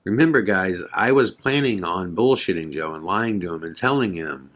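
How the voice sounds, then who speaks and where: Male podcast host with a deep voice, recounting events casually and quoting other people's lines. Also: lively intonation, normal speed, fairly bright tone. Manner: conversational, filler-heavy retelling with quoted dialogue. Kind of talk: casual storytelling.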